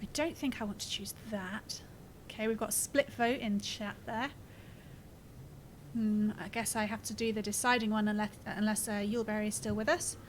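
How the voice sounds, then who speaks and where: A woman's voice: mid-range voice, fairly even intonation, normal speed, a little hiss or hum, low-quality recording. A woman streaming a game, reading its text aloud and chatting casually, swearing and laughing as she plays. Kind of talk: casual gameplay commentary.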